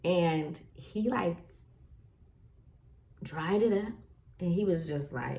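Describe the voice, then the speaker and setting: A woman's voice: low-pitched, very slow, gravelly, warm tone. A woman hosting a parenting talk, chatting casually and telling stories with lots of fillers. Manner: chatty, storytelling with lots of fillers and acted quotes. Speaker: podcast host.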